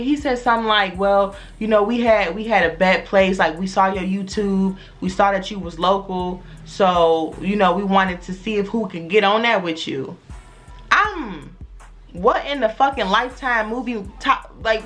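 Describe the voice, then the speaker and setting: Young woman YouTuber, casual and slangy storyteller, bright edge to her voice, light music bed. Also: moderate pace. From Chicago area, USA. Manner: animated, quoting others in a lowered voice, slangy.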